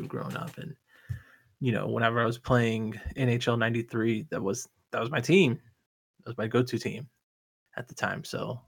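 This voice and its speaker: A man with a bright, forward tone and a gravelly catch in his voice talks casually about sports. He rambles enthusiastically and keeps restarting his sentences mid-thought. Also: mid-range voice. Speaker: podcast co-host.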